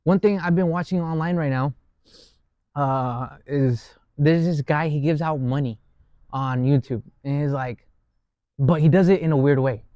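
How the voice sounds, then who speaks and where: A man's voice: fairly high pitch, unhurried, warm tone, no room sound, highs cut off. A man co-hosting a podcast, telling faith stories in an earnest, casual way with many fillers. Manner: storytelling, earnest, filler-heavy. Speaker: podcast co-host.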